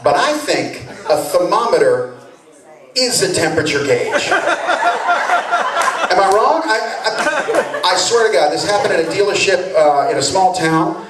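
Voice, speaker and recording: A male comedian doing a stand-up set, telling a story in an animated, conversational way with impressions. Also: sits high, measured pace, pauses often, crowd noise. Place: comedy club stage. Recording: roomy club sound from a distance, audience.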